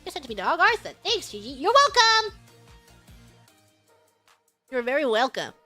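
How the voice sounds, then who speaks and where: High, lively woman reading superchats. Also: normal speed, soft background music. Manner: playful, bursts of high laughter, stumbles over foreign words. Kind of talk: casual livestream chat.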